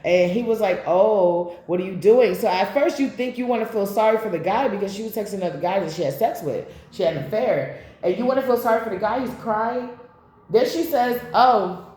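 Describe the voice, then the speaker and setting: A woman's voice: mid-range voice, fast, mellow. A woman giving a casual tarot reading to camera, blunt and profane, drifting into rambling asides. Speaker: tarot reader. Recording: very echoey room.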